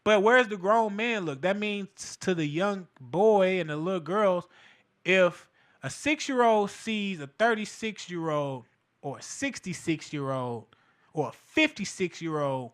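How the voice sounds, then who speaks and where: Animated man with bright, raised voice. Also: high-pitched, a little slow. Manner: animated, emphatic, street slang, frequent fillers. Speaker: podcast host. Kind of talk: casual commentary monologue.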